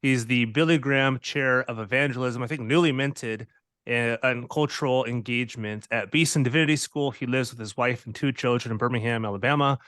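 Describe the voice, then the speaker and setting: A man's voice: medium pitch, fairly quick, a bit bright, dry recording, studio quality. A man interviewing two guests on a podcast, chatty and playful, often repeating words as he goes. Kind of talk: casual interview.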